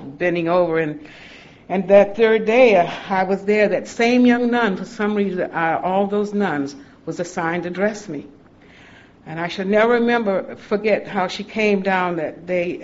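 A woman sharing her personal recovery story in a halting, heartfelt way, often restarting sentences and laughing softly. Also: fairly low pitch. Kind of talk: personal testimony talk. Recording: dull lo-fi recording with faint hiss.

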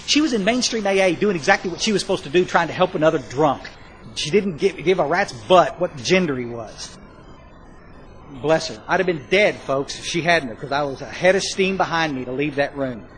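A man telling his recovery story to a live audience, rambling and self-mocking, with bursts of loud emphasis. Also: fairly high pitch, a little hiss or hum, poor audio. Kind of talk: spoken testimony to a live audience.

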